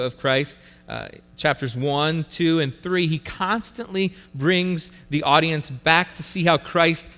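A man's voice: mid-range voice, a bit bright, in a large hall. A male pastor preaching a sermon, earnest and repeating key phrases for emphasis. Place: church sanctuary.

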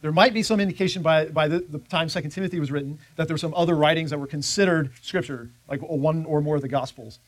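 A man's voice: on the high side, quick pace, few pauses, dry recording. A man teaching a church Bible class in a conversational way, often checking in with his listeners.

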